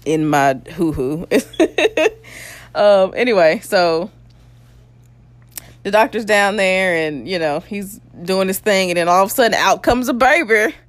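A woman's voice: mid-range voice, expressive, slow pace, no echo. A young adult woman casually telling her birth story, candid and blunt, with crude humor and frequent laughs.

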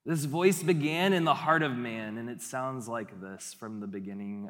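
A man's voice: mid-range voice, normal speed, hardly any pauses, a bit bright. A young man giving an earnest, reflective sermon to a congregation. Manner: earnest and reflective, building in intensity. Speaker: preacher. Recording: long hall reverb.

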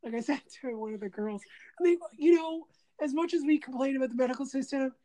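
Laughing storyteller woman, low-key mellow voice. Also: quick pace, rough recording. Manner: animated storyteller, laughs often, acts out quotes. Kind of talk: casual chat.

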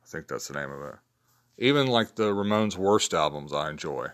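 Low-voiced man rambling about favorites. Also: animated, a little fast, a bit bright. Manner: rambling, low-key, many fillers and restarts. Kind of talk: casual spoken list of favorites.

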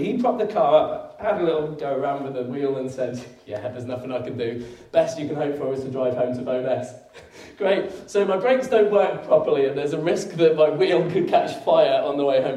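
A man's voice: on the high side, mellow. Preacher man in an echoey hall. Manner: conversational storytelling, laughs often, rises to emphatic peaks. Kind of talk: sermon with personal story. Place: church hall. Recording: echoey room, mic at a distance.

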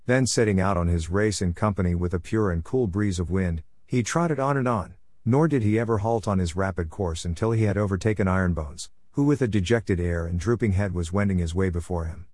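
A man narrates an old folk tale in a steady, measured audiobook reading. His voice sits on the low side. The recording is dry and close, with no room sound at all. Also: no echo.

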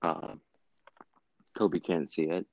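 A man with an extremely deep, gravelly voice who talks in halting bits that trail off. The sound is dry and dull, like a cheap lo-fi mic. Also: little pitch movement, no echo. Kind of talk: casual chat on a call.

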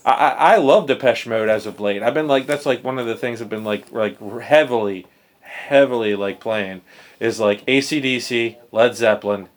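A man's voice: mid-range voice, normal speed. A man co-hosting a podcast in a casual, rambling way, with frequent fillers and restarts. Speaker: podcast co-host. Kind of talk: casual chat.

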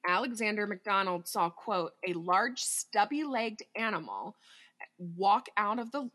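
A woman's voice: medium pitch, animated, a little slow, a bit bright. A woman co-hosting a podcast, telling a story in casual chat, giggly and freely swearing as she reads out quotes.

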